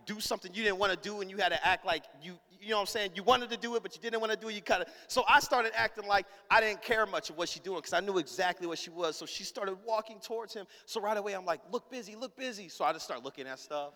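A man's voice: high-pitched, quick pace, hardly any pauses, bright, forceful tone, in a large hall. A man preaching as a pastor, telling a funny story in a casual, slang-heavy way and acting out every character in it. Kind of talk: storytelling sermon.

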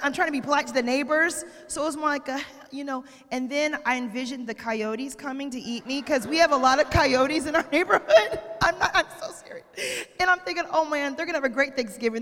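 A woman's voice: high-pitched, a bit bright. A woman from Arizona telling a funny, self-mocking story to a church gathering, with a long hall reverb on her voice. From Arizona, USA. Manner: chatty, self-mocking humor. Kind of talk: casual storytelling to a congregation.

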